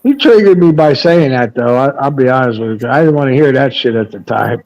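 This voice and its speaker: A man's voice: mid-range voice, lively intonation, brisk, darkish tone, lo-fi sound. A man in a casual live chat, telling stories in a blunt, profane, rambling way. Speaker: panel host.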